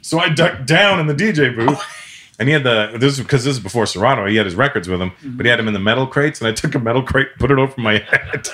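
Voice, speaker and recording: A comedian telling stories in casual chat, acting out quotes with big jumps in his voice. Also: quick pace. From Canada. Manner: animated, acts out quotes with big pitch jumps.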